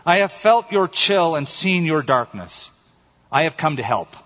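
A man voicing a calm, patient male stranger in a spoken story, gentle and inviting. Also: a little high, heavily acted. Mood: assuring. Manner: gentle, inviting, slow and steady. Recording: dull recording in echoey hall.

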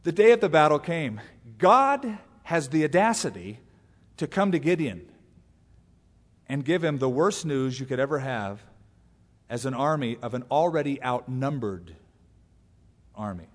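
Male pastor, lively and humorous sermon delivery, lilting tone, long church-hall echo. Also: medium pitch, a little slow, pauses often. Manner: animated storyteller who acts out quotes with humor. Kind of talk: expository Bible teaching sermon.

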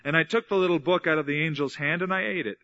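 A man's voice: on the high side, fast talker, sharp tone, dull audio. A man preaching a sermon, teaching earnestly from the Bible and repeating key phrases for emphasis. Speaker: pastor.

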